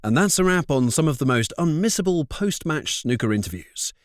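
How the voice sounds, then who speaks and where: A man's voice: on the high side, big pitch swings, brisk, no echo, studio quality. A man reading scripted narration for a countdown compilation in an upbeat way.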